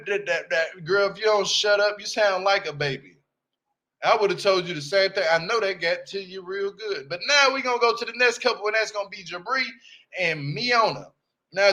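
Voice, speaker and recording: Brash, high-voiced man ranting. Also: pushed and bright. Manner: blunt, brash, slangy, repeats "you hear me?". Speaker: reality TV reviewer. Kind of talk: casual, animated commentary.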